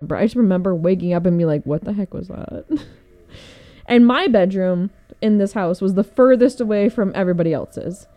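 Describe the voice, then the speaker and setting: A woman's voice: mid-range voice, fairly quick, muffled recording. A young woman casually telling a personal story, rambling with lots of fillers and frequent laughter. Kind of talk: casual chat.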